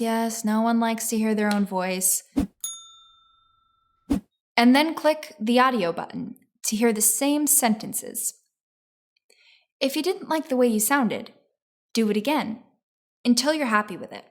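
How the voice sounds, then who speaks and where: A woman giving a scripted pronunciation lesson, explaining step by step in a clear, encouraging way. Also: on the high side, unhurried, pauses often. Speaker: English teacher.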